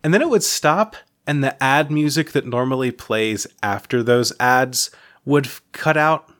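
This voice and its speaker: A man co-hosts a casual podcast with a mid-pitched voice. He tells winding stories, piling up "like" and false starts and breaking into laughter mid-sentence. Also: a little slow, fairly bright tone. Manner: rambling storyteller, full of "like" and restarts, laughing mid-sentence. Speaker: podcast co-host. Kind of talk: casual chat.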